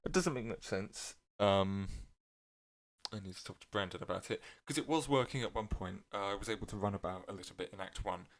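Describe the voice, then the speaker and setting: A man with a fairly low voice talks through his gameplay in a loose, rambling way, full of fillers and mid-sentence corrections. His voice cracks here and there as he goes. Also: a little fast. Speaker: gameplay video creator. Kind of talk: casual gameplay commentary.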